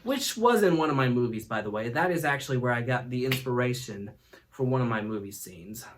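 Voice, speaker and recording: A man's voice: medium pitch, expressive, a little fast, slight background noise. A man hosting a comedy talk show, telling a rambling story with folksy asides and frequent laughter. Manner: laughs often, acts out voices, folksy asides.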